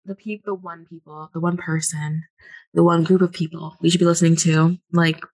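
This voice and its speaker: A woman's voice: fairly low pitch, flat delivery, normal speed, darkish tone, no echo. A woman co-hosting a podcast, talking in a chatty, emphatic way and reading quotes aloud. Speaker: podcast co-host. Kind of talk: casual podcast chat.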